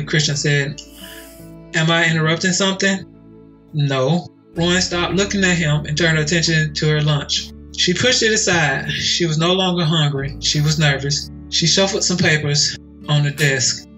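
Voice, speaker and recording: A man co-hosting a podcast, reading a romance story aloud and lifting his pitch a little for the characters' lines. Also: pushed and bright, poor audio.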